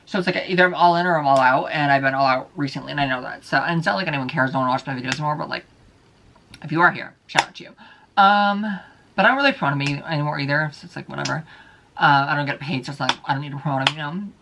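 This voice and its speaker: A man's voice: fairly high pitch, fast talker, creaky, noisy background. A man vlogging alone, ranting heatedly with heavy profanity and repeating his points. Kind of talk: casual solo vlog rant.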